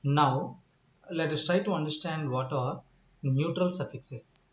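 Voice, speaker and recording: In a recorded lecture set in an echoey room, a man with a fairly high voice teaches English word stress. He explains slowly with frequent pauses, repeats himself, spells out letters and poses questions to the listener.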